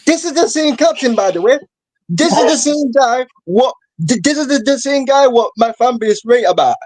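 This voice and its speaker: A man's voice: very high-pitched, lively intonation, normal speed, a little mellow, dry recording. A young man ranting in casual football banter, repeating himself in disbelief and dropping "bro" constantly. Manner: rant-like, repeats "bro", incredulous. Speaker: guest.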